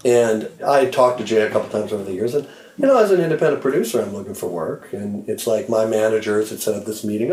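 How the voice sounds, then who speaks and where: A man's voice: fairly low pitch, fast, roomy sound, poor audio. A man working as a record producer, casually telling stories with profanity and acting out quotes. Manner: animated, profane, acts out quotes in raised voice. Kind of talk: casual storytelling chat.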